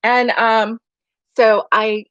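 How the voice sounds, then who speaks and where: A woman's voice: on the high side, level tone, extremely slow, a bit bright, dry recording. A woman hosting a casual live stream from her home, chatty and rambling, laughing often. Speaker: livestream host. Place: home bedroom. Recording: dry, dull lo-fi sound.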